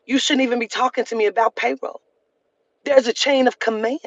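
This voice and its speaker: A woman's voice: fairly high pitch, steady tone, fairly quick, dry recording, lo-fi sound. Heated, profane woman ranting, dry sound. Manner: heated, profane, repeats lines for emphasis. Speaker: vlogger. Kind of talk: emotional storytime rant.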